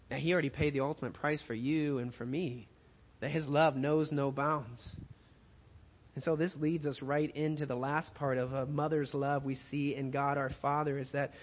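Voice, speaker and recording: A male pastor preaching a sermon, moving between loud emphatic passages and quiet, hushed ones. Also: medium pitch, dull audio.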